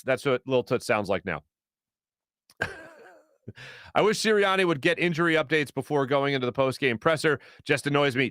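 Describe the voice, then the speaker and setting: A man in his thirties with a Philadelphia accent hosts a live sports show from a small studio. His voice sits a little high and swings widely in pitch as he rambles and jokes through viewer comments. The sound is close and dry. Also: no room sound. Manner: animated, rambling, jokey, lots of fillers and asides. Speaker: sports talk show host. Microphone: studio mic.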